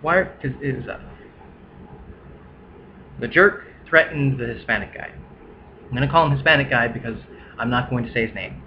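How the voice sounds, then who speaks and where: A man's voice: medium pitch, expressive, moderate pace, long pauses, dull audio, slight background noise. A young man talking casually to camera, rambling with many restarts and acting out the people he quotes. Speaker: vlogger. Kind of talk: casual monologue.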